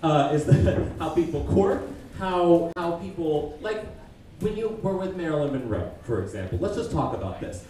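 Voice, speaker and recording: Halting, rambling man roasting on stage. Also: a little high, lively intonation, mellow, a little hiss or hum. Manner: rambling, halting, self-deprecating. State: sick, congested. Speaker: stand-up comedian. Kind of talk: roast stand-up. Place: comedy club stage. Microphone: stage mic at a distance. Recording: echoey stage from far off, crowd laughter.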